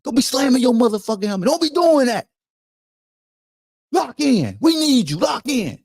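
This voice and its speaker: A man's voice: extremely high pitch, very animated, moderate pace, creaky, darkish tone, husky, no echo, clean studio sound, voice pushed up, heavily acted. A man voicing a fired-up veteran football head coach who scolds a player with profanity. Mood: scolding.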